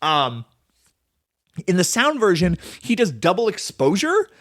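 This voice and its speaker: A man's voice: sits high, huge pitch swings, a little slow, a bit bright, no room sound, studio quality. A man hosting a casual solo film podcast, rambling and enthusiastic, full of "like" and "um". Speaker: podcast host.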